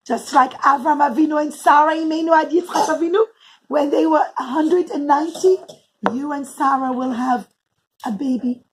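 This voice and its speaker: A woman, a preschool teacher, telling a story to young children in an animated, sing-song way and talking to them directly. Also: high voice, brisk, slight background noise, rough recording.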